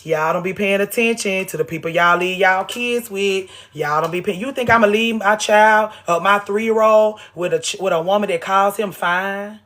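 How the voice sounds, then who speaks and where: A woman's voice: mid-range voice, moderate pace, hardly any pauses, fairly bright tone. A woman hosting a casual livestream from home, talking bluntly and with lots of profanity, hammering her points with repetition. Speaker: livestream host. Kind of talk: casual unscripted livestream monologue.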